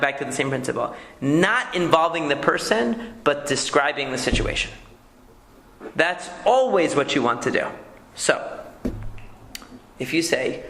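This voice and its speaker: Guy rabbi lecturing, slightly high gravelly voice, keeps asking okay?, echoey room. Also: moderate pace, bright, forceful tone, a little hiss or hum. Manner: conversational teaching, frequent "okay?" checks. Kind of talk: lecture on marriage communication.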